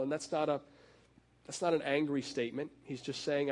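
A middle-aged man preaching a sermon in a conversational way, with fillers and restarts, and slowing down to lean on key phrases. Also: on the high side, fairly even intonation, darkish tone. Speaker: pastor.

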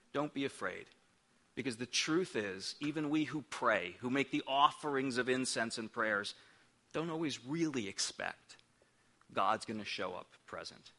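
Middle-aged male pastor, emphatic sermon delivery with stammered restarts, bright tone. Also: medium pitch.

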